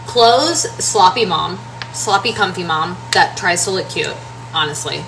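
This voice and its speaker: Bright chatty woman answering follower questions. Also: fairly low pitch, animated, measured pace, gravelly. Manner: chatty and rambling, many fillers and restarts. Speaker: home renovation designer and social media creator. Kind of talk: casual Q&A chat to followers. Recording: somewhat distant from the mic, faint room noise.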